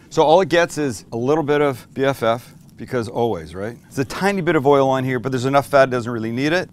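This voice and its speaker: A man's voice: medium pitch, a little hiss or hum. A man hosting a cooking show, chatting casually and enthusiastically as he cooks, swearing now and then and joking with his crew. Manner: talks to the camera crew by name.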